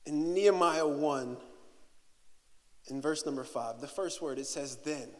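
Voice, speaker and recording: A male pastor preaching a sermon in a church. He moves between hushed, slow reflection and loud, rising preaching, and he often repeats words and restarts phrases. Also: fairly high pitch. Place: church sanctuary. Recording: long hall reverb.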